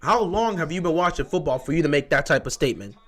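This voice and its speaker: A high-pitched young man hosts a live football reaction stream. He argues with his chat and keeps repeating his point, sounding worked up and exasperated. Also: fast. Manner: animated, exasperated, repetitive arguing. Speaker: livestream host.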